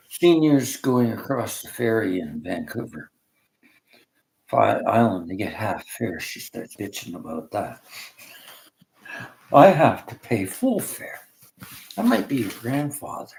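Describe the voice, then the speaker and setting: Gravelly older man telling rambling stories. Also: fairly low pitch, roomy sound, poor audio. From Canada. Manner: rambling, animated storyteller acting out quoted voices. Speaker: vlogger. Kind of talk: rambling personal storytelling.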